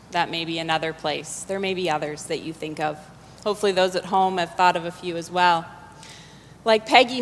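A woman's voice: medium pitch, a little hiss or hum. A woman pastor preaching, reading a story aloud and then talking with her congregation, in a church. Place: church sanctuary. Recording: long church reverb.

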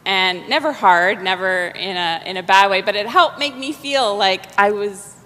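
A woman's voice: medium pitch, normal speed, sharp tone. A woman pastor preaching, reading a story aloud and then talking with her congregation, in a church. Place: church sanctuary. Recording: long church reverb.

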